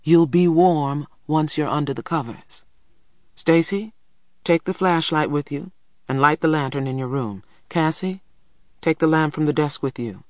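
A man reading a storybook, voicing a gentle, worried Black mother from the rural South. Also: fairly high pitch, measured pace, no echo, clean studio sound, lightly acted.

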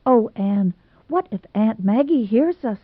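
A woman's voice: on the high side, lively intonation, measured pace, no echo, voice pushed up. A woman voicing a timid, plump young bride who talks in breathless, pleading bursts and stammers. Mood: tearful. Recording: dry tinny phone-like sound.

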